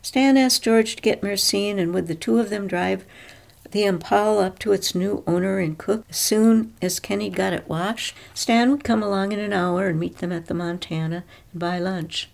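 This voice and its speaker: A woman narrating an audiobook of a novel in a measured, even storytelling manner. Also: mid-range voice, creaky.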